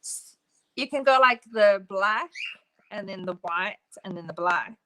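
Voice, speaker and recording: A woman talks casually as she paints, her voice bright and clear. She chats freely and laughs easily. A faint hiss sits under the recording. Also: mid-range voice, a little slow, rough recording. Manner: chatty, laughs often, talks to her pet birds. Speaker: craft stream co-host. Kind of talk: casual chat while painting.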